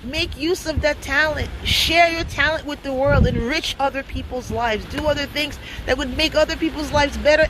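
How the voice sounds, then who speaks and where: A woman's voice: high-pitched, normal speed, few pauses, very noisy. A woman telling a story in a casual vlog, chatty and slangy, laughing often. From United States. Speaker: vlogger.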